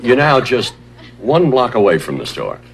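Calm probing hypnotist. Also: male voice, medium pitch, vocal fry, very noisy. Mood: coaxing. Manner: measured, guiding questions. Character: male hypnotist guiding a cop's memory, calm and probing.

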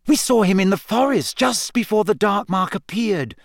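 A man's voice: sits high, animated, normal speed, creaky, no room sound, pitched above the performer's own voice. A man reading aloud, voicing an earnest, insistent teenage girl in a storybook. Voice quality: raised, heated.

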